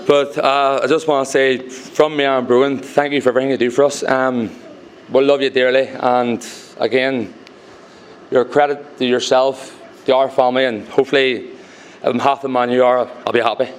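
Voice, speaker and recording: A young man giving a groom's wedding speech to guests at a reception, halting with many ums, turning teary between jokes. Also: mid-range voice, fairly even intonation, a little hiss or hum.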